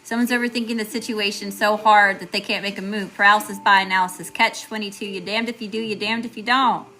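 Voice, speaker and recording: Bright-voiced Southern woman reading tarot. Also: mid-range voice, fairly even intonation, fast. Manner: chatty, greets viewers by name, casual swearing. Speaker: tarot reader.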